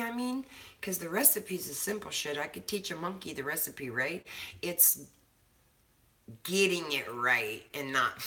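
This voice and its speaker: Casting: talkative woman co-host, low pitch, crisp bright edge, casual and swearing. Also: a little hiss or hum. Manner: chatty, swears casually, laughs often. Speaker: co-host of a cannabis show. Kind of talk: casual chat. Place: home kitchen.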